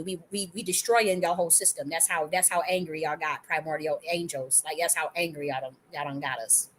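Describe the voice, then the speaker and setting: Woman, from the United States, has a cold, livestream host, angry profane rant, medium pitch. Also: fairly bright tone. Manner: angry, profane, rapid-fire ranting with restarts. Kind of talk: heated monologue on a livestream.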